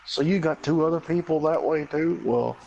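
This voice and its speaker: A man's voice: a little high, moderate pace, creaky, dull audio, noisy background. A man chiming in with short, teasing remarks from beside the main speaker. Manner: brief teasing interjections.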